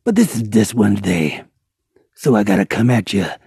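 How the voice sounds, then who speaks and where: A man with a dark, husky voice rants at a slow, deliberate pace, swinging his pitch widely as he roasts someone with crude insults. His delivery is mock-angry and profane. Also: lively intonation, dry recording. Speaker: voiceover ranter. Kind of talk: comedic roast rant.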